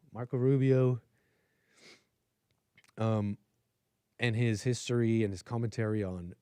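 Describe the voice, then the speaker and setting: With a fairly low, warm voice, a male livestream host offers casual commentary, meandering through his views and leaning heavily on filler words. The sound is studio quality, without echo.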